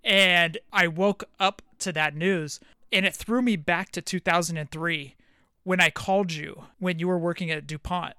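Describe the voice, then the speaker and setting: Podcast cohost, bright kinda high voice, telling a story, dry close mic. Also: male voice, steady tone, normal speed, clean tone, no echo. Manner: storytelling, recounting a phone call. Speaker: podcast co-host. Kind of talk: casual podcast chat.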